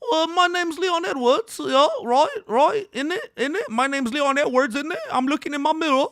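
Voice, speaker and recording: A man doing a squeaky mock-British fighter. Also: moderate pace, fairly bright tone, dry recording, studio quality. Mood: cocky. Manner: clumsy exaggerated British accent, repeating tag questions. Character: mock-British male fighter psyching himself up in a mirror.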